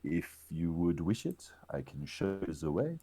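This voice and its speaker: A man's voice: low-pitched, very animated, unhurried, mellow, slightly rough, heavily acted. A man voicing a grateful adventurer, wary of pirates, with a put-on French accent and a polite, formal manner.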